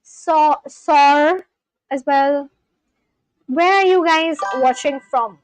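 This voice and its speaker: A woman's voice: sits high, extremely slow, faint music behind, low-quality recording. A woman hosting a casual live stream, chatting with viewers and reading their comments aloud in a rambling way, often stopping and restarting her sentences. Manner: rambling, chatty, frequent restarts and self-corrections. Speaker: livestream host learning a language.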